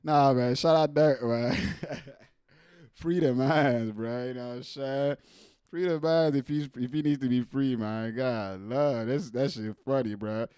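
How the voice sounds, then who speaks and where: A man's voice: medium pitch, unhurried, a little mellow, smooth, no room sound, studio quality. A man hosting a casual show, reacting to viral clips with lots of slang and laughter and mimicking the people in them.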